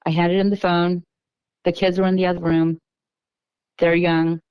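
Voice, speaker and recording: A middle-aged woman from Texas, a podcast guest, recounting a personal story in an unhurried, halting way with frequent restarts. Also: lowish voice, little pitch movement, a little mellow, smooth, no echo, poor audio.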